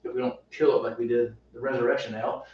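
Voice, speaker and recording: A man's voice: medium pitch, fast, slight background noise. Guy talking homebrew recipes, kinda rambly, sounds far from the mic in a really echoey room, dull audio. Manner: relaxed, rambling, with restarts. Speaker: homebrewing show host. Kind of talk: casual chat. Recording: roomy, distant, dull sound.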